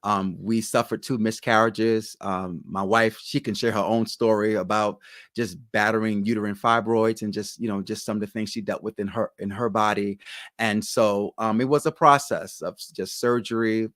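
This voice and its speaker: A man who is a pastor, sharing his personal faith testimony in an earnest, halting way full of ums. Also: on the low side, steady tone, fairly bright tone, no echo, studio quality. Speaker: pastor, guest.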